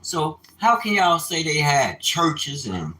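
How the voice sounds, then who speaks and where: A man preaching and ranting informally, animated and profane, with sudden bursts of shouting. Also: on the high side, slow pace, echoey room. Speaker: religious teacher. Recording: noisy ambient background.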